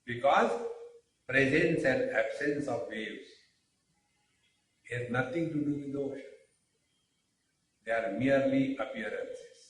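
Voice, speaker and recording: Man teaching in an echoey hall. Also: medium pitch. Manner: deliberate, with rhetorical questions and pauses. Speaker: spiritual teacher. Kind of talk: spiritual discourse. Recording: very echoey room, mic far off.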